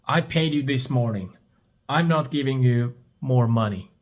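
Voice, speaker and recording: A man's voice: mid-range voice, measured pace, close to an everyday voice. A man voicing an angry adult male doctor in a storybook reading, refusing to pay more. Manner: angry, clipped, read aloud.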